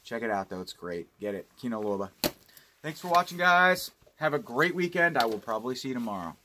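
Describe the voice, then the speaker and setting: Over a noisy background, a man with a mid-range voice talks a little fast, his pitch swinging widely. As a home video collector vlogger, he gives a casual, rambling, rant-filled unboxing review of home video releases, cursing often.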